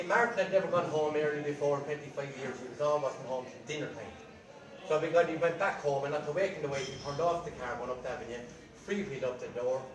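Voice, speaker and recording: An Irish man telling jokes as a storyteller at a live rambling night, chatty and lively. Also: a little high. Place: large room at a rambling night. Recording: echoey room from far off, crowd. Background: audience laughing.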